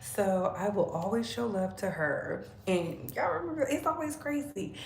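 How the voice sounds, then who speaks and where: A woman's voice: mid-range voice, very animated, normal speed, gravelly. A woman hosting a casual livestream, chatting straight to her viewers and laughing often. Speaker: livestream host. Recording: echoey room with faint background noise.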